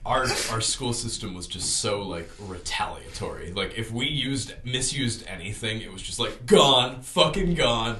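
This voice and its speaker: A young man with a low voice talks in a wry, easygoing way, at times sinking to a mumble and then bursting out. The sound is roomy and echoey. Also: animated, normal speed, hardly any pauses, pushed and bright. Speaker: podcast co-host. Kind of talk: casual chat. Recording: echoey room.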